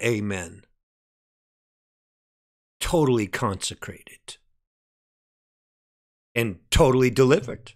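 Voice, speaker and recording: A man preaching a sermon with fervor, dropping to hushed lines and rising to shouted peaks, often asking "Amen?". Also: animated, takes it slowly, pauses often. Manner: fervent preaching, swinging from hushed low lines to shouted climaxes; calls out "Amen?" to the congregation.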